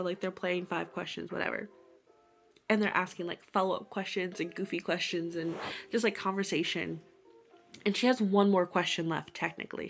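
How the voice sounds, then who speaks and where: A woman's voice: medium pitch, vocal fry. A woman hosting a casual book vlog, chatting about a novel she is reading and laughing often as she goes. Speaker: booktube host.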